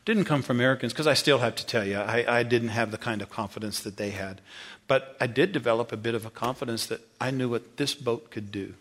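A man preaching a sermon in a folksy, rambling way, telling a story and acting out the dialogue in a high, excited voice. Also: fairly quick.

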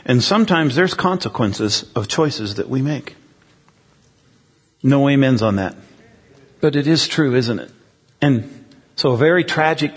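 A man's voice: a little high, a bit bright, breathy edge, in a large hall. A man preaching a sermon in a conversational way, often checking in with the congregation through questions. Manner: conversational, asks the crowd questions. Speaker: pastor.

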